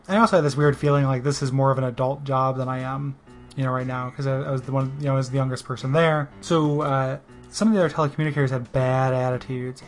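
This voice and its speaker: A man telling a personal story in a rambling, self-deprecating way, full of "you know" and restarts. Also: medium pitch. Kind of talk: casual spoken monologue.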